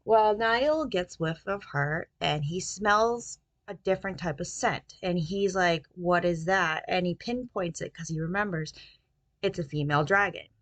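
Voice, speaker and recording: A woman's voice: on the low side, unhurried, dry recording. Woman casually recapping a book. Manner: rambling retelling with many fillers. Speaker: book reviewer.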